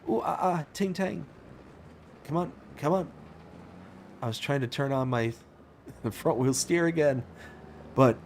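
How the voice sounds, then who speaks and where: A man hosting a casual live gaming stream, telling stories with animated reactions and answering viewer chat. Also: mid-range voice, slight background noise.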